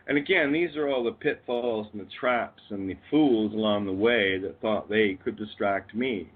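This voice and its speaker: A fairly low, slightly rough voice speaks at normal speed with hardly any pauses over tinny phone audio. He's a Canadian-accented guest on a call-in radio show, ranting profanely and rambling, breaking into bursts of laughter.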